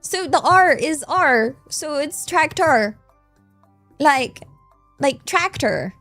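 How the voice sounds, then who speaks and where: A woman's voice: high-pitched, animated, slow pace, a bit bright, no echo, soft background music. A playful, giggly woman with a West Country English accent, chatting casually with her live-stream audience. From England. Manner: playful, giggly, thanks chat in Japanese.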